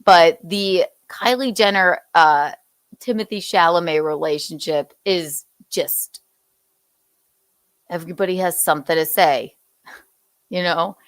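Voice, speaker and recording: Speaking slowly with long pauses in a fairly low voice, this Southern U.S. woman hosts a relaxed pop-culture conversation. She's gossipy and loose, laughing frequently, and the recording has no room sound.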